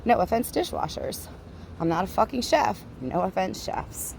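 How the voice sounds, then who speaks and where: A woman's voice: mid-range voice, big pitch swings, normal speed, creaky, a little mellow, a little hiss or hum. Profane ranting woman walking outside. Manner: blunt, profane, ranting, laughs often. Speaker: vlogger. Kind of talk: casual walking monologue. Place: outdoors, walking near traffic.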